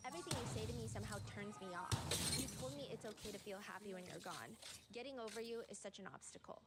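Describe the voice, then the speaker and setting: A woman's voice: medium pitch, fast, loud music behind the voice. A woman giving casual commentary in a chatty, conversational way, reading out lyrics and comments as she goes.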